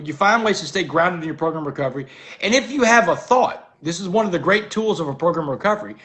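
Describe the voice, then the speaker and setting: A man's voice: a little high, fairly bright tone. A man, a guest in an interview, telling a personal story earnestly and often dropping "man" into his talk. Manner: earnest, keeps saying "man".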